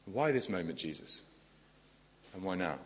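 A man's voice: deep voice, sing-song, a little slow. A man preaching a sermon in an earnest, conversational way, asking the congregation questions. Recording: long echoing church reverb.

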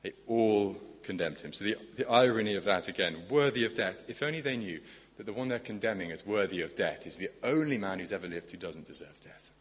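A man preaches with a fairly low voice. He is earnest and conversational and keeps asking his listeners rhetorical questions. His voice carries a long, echoing church reverb. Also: expressive, a little fast, few pauses. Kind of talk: sermon.

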